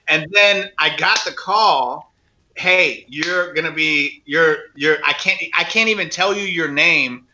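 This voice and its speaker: A man's voice: on the high side, takes it slowly, muffled recording, a little hiss or hum. A middle-aged man, a guest actor and comedian, telling stories in casual podcast chat, acting out voices and laughing often. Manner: animated storyteller, acts out voices, laughs often.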